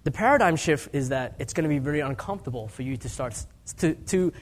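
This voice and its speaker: A man around forty preaches as a guest speaker, his voice sitting fairly high for a man. He talks like he is chatting with the congregation, joking at his own expense. His delivery swings from quiet, hushed asides to raised, emphatic lines. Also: animated, fast. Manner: conversational storytelling with self-deprecating humor. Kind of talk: sermon.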